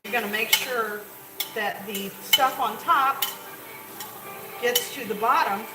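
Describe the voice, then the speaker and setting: This woman talks at a slow pace in a fairly high voice, chatting and rambling to viewers as she walks through a recipe in her home kitchen. It's a casual cooking tutorial recorded off-mic in an echoey room full of loud cooking noise.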